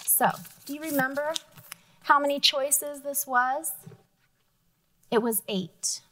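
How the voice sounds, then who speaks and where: A woman teacher reads a storybook to young children, slowly and with plenty of expression. Her voice sits a little high, and she gives the characters their own voices as she goes. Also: bright, forceful tone. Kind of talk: reading a picture book aloud in a math lesson.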